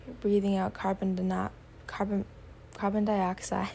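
A woman guiding a meditation, speaking slowly and softly, often slipping into a whisper. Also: medium pitch, fairly even intonation, creaky, a little hiss or hum. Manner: slow, soft-spoken, drifting into whispers; warm spiritual affirmations. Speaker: meditation guide. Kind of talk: guided meditation.

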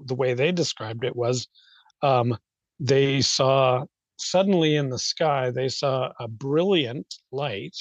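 A man of middle pitch talking things through off the cuff, pausing often and restarting his sentences. The sound is dry and a little dull and muffled, with no room around it. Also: no room sound. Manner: rambling, hesitant, with many fillers and restarts. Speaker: guest. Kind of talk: unscripted explanatory talk.

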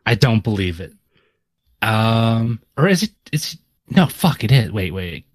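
Man co-host, low and dry, thinks aloud, swears freely. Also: big pitch swings, measured pace, dry recording. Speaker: podcast co-host. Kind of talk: casual chat, guessing aloud.

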